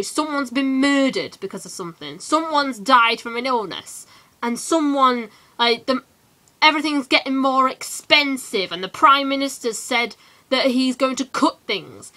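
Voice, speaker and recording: A teenage woman from England ranting in a casual vlog, animated and full of quick asides. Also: sits high. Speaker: vlogger.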